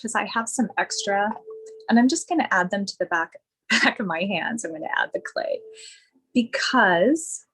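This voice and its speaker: A woman esthetician giving a slow, gushing skincare demonstration at home. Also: mid-range voice, expressive, a bit bright, husky, low-quality recording.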